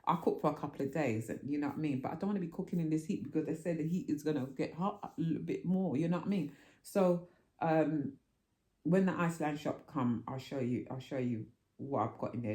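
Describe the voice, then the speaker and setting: A middle-aged woman, chatting to camera in a vlog and telling stories animatedly and indignantly, her pitch jumping high when she gets worked up. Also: warm tone, roomy sound. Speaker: vlogger. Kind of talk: casual chat to camera. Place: room at home.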